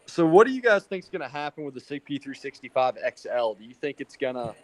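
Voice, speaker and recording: A man's voice: mid-range voice, big pitch swings, fast, darkish tone. A man guesting on a casual online chat, asking questions and talking things through. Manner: inquisitive, talks things through. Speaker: guest, holster maker.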